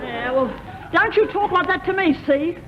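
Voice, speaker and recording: A brassy tough barmaid, high and scrappy, combative, old radio comedy, dull lo-fi sound. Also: female voice, animated, normal speed, a faint crowd. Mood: indignant. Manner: brassy, combative, tags lines with "see?". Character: brash tough young barmaid. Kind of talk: 1950s radio comedy sketch.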